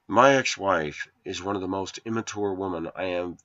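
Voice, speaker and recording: A man in his forties with a fairly low voice delivers a meandering personal monologue to his viewers. He tells his stories in an earnest, aggrieved tone. The sound is dull and lo-fi. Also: normal speed, fairly bright tone. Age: 40s. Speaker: vlogger. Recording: dull lo-fi recording.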